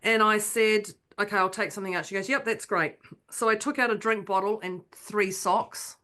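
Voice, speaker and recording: Woman telling a lively story. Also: mid-range voice, normal speed, a little hiss or hum. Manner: animated storyteller, acts out her own quotes. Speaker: podcast co-host. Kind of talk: casual chat, storytelling.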